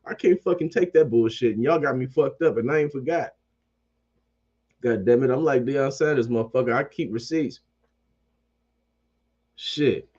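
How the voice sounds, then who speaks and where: A man's voice: medium pitch, moderate pace, long pauses, a little mellow, breathy edge, highs cut off. A man ranting about sports as a fan commentator. He swears constantly, repeats phrases, and keeps up a heated, profane energy.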